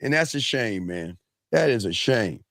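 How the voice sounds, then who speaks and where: A man hosting a casual reaction podcast, ranting in a loud, crude and animated way. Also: fairly low pitch, measured pace, gravelly, dry recording, studio quality. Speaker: podcast host.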